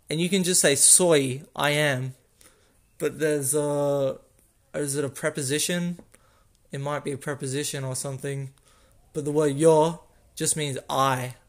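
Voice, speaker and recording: A man hosting a casual solo podcast, recorded on a phone, explaining things in a slow, rambling way and correcting himself as he goes. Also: a little high. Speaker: podcast host.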